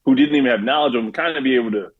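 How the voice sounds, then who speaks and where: Husky, laughing man chatting as a guest. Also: medium pitch, racing, phone-quality sound. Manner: animated, laughing, heavy on "like". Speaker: podcast guest. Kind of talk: casual chat.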